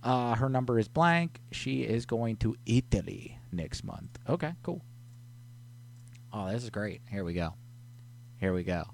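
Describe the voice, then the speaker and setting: A man's voice: on the low side, animated, measured pace, vocal fry, heavy background noise. A man hosting a casual live stream, reading viewer messages aloud in a laid-back way. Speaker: host.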